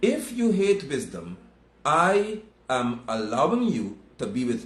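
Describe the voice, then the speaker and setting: A man's voice: medium pitch, wildly swooping pitch, normal speed, echoey room. A man preaching a sermon, emphatic and scolding, repeating his points.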